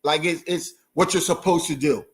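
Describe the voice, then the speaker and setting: Man with a slightly high, easygoing voice. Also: normal speed. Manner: calm, agreeable, gives encouraging advice. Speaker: marriage podcast co-host. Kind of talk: casual chat.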